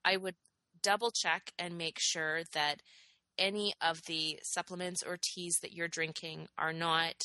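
A woman's voice: on the low side, flat delivery, unhurried, bright, forceful tone, clean tone, no room sound, rough recording. A woman co-hosting a casual health podcast, explaining research with frequent fillers. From Canada. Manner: explanatory, science-minded, many "um"s and "you know"s. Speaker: podcast co-host.

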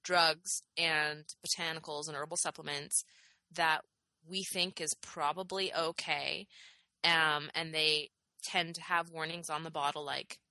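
A woman's voice: low voice, fairly even intonation, unhurried, sharp tone, no echo, rough recording. A woman co-hosting a casual health podcast, explaining research with frequent fillers. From Canada. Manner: explanatory, science-minded, many "um"s and "you know"s. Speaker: podcast co-host.

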